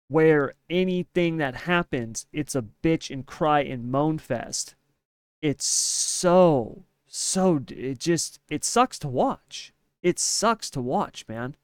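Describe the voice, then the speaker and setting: A man's voice: medium pitch, smooth, dry recording, clean studio sound. A man co-hosting a podcast in casual opinion chat, emphatic and ranting, often tagging his points with "right?". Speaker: podcast co-host.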